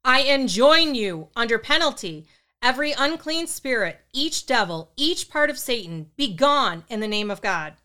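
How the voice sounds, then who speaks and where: A woman voicing a stern, forceful male priest who booms out commands to cast out a spirit. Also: moderate pace, clean tone. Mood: booming command. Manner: booming commands, stern and flat.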